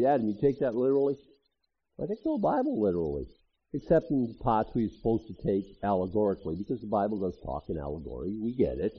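A man's voice: fairly low pitch, sing-song, fast talker, slightly rough. A man who is a pastor, preaching a sermon in a conversational way with frequent asides. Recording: dull lo-fi audio.

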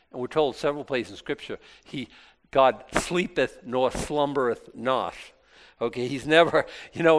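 A man's voice: medium pitch, fairly bright tone. A male pastor giving an informal Bible talk, chatty and self-deprecating, with many restarts. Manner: conversational, rambling with many restarts; self-deprecating and lightly joking.

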